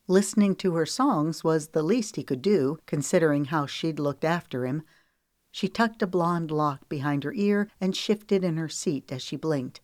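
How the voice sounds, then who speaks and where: Female audiobook narrator for a romance novel, slightly low voice, dry and close, steady delivery. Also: moderate pace, dry recording.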